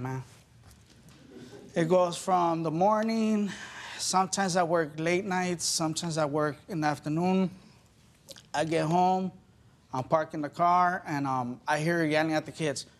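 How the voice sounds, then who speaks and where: Husband testifying in TV court; plain casual talk, somewhat high voice. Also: male voice, measured pace.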